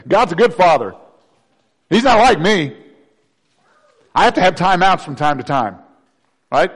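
A man preaching a sermon as pastor, swinging between loud declarations and hushed, intimate passages. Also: fairly high pitch, expressive, slow, pauses often, breathy edge, in a large hall.

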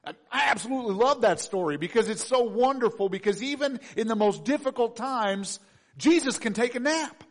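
A middle-aged man preaching a sermon, acting out voices and swinging from loud to hushed. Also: very high voice, a little fast. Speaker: pastor.

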